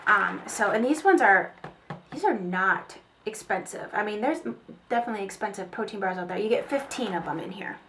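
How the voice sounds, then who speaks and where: A woman's voice: medium pitch, expressive, brisk, fairly bright tone, a little hiss or hum. A woman chatting casually through a product haul, rambling with fillers and small laughs. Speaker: beauty vlogger. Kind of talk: casual haul video chat.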